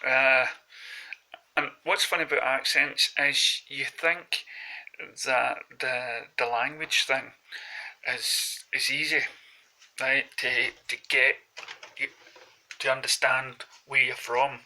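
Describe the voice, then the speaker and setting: A man's voice: medium pitch, steady tone, slow, long pauses, bright, forceful tone, rough recording. A man with a Glaswegian accent from Scotland, rambling through casual anecdotes as a vlogger. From Glasgow, Scotland. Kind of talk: casual chat to camera.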